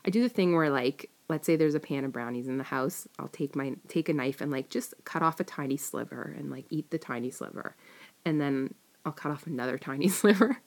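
A woman's voice: low-pitched, brisk. A young woman chatting casually to camera, rambling and giggling as she answers tag questions. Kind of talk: casual chat.

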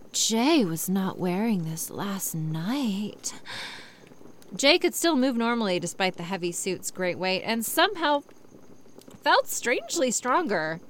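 Sarcastic woman ranting over a story. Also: a little high. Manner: sarcastic, swears freely, rants loudly in bursts. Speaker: online reader and commentator. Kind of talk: reading a story aloud with ranting commentary.

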